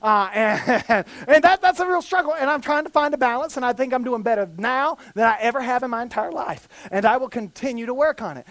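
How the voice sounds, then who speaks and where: A male pastor gives a sermon. He swings between booming, shouted declarations and hushed, quick, humorous anecdotes. His voice sounds dry and close to the mic. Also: no echo. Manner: swings from loud shouted preaching to quiet, fast, joking storytelling.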